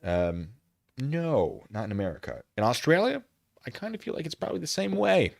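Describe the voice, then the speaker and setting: A man's voice: mid-range voice, sing-song, moderate pace, creaky, no echo, clean studio sound. A young man casually commenting on a video during a live stream, joking and reading chat messages aloud.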